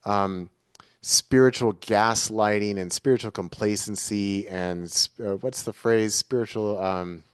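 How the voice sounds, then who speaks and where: A man's voice: fairly low pitch, measured pace, smooth, dry recording, clean studio sound. A man speaking as an interview guest, talking in an earnest, searching way and restating his ideas in several forms. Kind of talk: reflective conversational interview.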